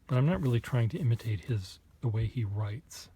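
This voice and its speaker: A man vlogging casually, thinking aloud in a halting, self-deprecating way, with muttered asides. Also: medium pitch, expressive, mellow, slightly rough.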